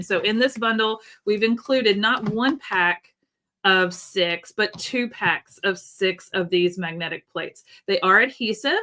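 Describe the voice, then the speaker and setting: This mid-range female voice is bright and forceful, with slight background noise behind it. She runs a live-stream sewing product demo indoors in Nashville under an AC vent, chatty and friendly, full of ums, reading out chat comments as she goes.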